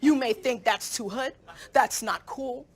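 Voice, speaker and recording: A woman's voice: a little high, measured pace, husky. A young woman, a student poet, performing spoken word poetry with a rhythmic, rhyming, emphatic delivery.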